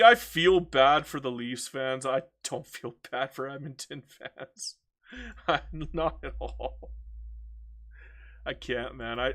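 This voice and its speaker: A man's voice: mid-range voice, fairly bright tone. A Canadian man from Alberta, streaming a strategy game and chatting casually, ranting with plenty of swearing and laughing between jabs. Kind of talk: casual livestream chat.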